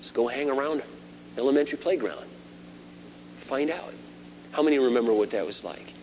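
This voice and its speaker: Middle-aged guy preaching a sermon, loud then quiet, muffled tape with a bit of hum. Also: mid-range voice, normal speed. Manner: animated preaching, shifts between loud emphasis and quiet asides. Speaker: pastor.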